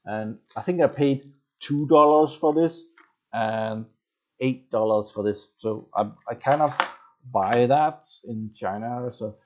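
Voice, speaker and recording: A man's voice: medium pitch, takes it slowly, a little mellow, dull audio. Chatty man on a live stream. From Denmark. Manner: rambling, chatty, reads and greets viewers' comments. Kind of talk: casual live stream chat. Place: home, near a basement workshop.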